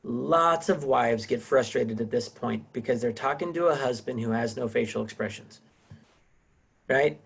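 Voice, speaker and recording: A man's voice: mid-range voice, normal speed, creaky, breathy edge. A middle-aged man teaching a casual class over a video call, rambling with many restarts. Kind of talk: casual online class lecture.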